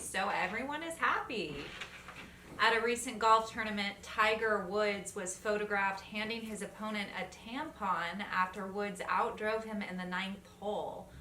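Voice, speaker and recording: A woman co-hosts a comic news show, landing dry punchlines after each item. Her voice is bright and picked up from a distance in an echoey room with faint noise. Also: medium pitch. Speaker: news co-host.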